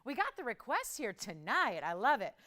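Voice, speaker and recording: A woman hosting a live TV jewelry shopping show. She gives an upbeat, chatty sales pitch and keeps it moving. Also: wildly swooping pitch, moderate pace, sharp tone. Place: TV studio.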